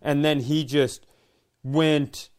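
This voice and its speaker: A man co-hosting a comedy podcast, telling a story with lively acted-out voices. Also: a little high, extremely slow. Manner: animated storyteller who acts out the people he quotes. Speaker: podcast co-host.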